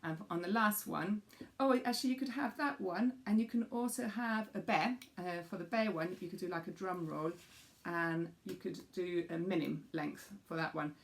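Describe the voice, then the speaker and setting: A woman's voice: lowish voice, normal speed, gravelly. A woman music teacher patiently explaining a rhythm game for young children and demonstrating the beats aloud.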